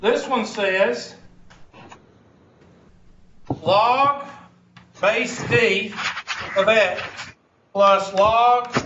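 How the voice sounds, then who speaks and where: A man's voice: sits high, very slow, long pauses, fairly bright tone, slight background noise. A man with a Southern US accent teaching a math class, joking and teasing his students in a folksy way. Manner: teasing, folksy, heavy on "y'all". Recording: echoey classroom, distant, dull lo-fi.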